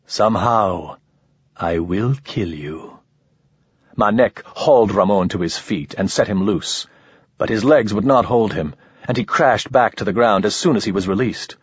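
A man with a low, husky voice reads a story in measured, dramatic narration. The room is dead dry, and the sound is slightly dull and lo-fi. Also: no room sound. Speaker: audiobook narrator. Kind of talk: scripted narration.

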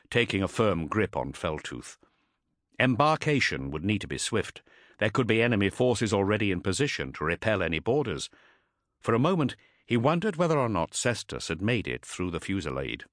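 A man narrating an audiobook in an expressive, dramatic storytelling manner. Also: fairly low pitch, no echo, studio quality.

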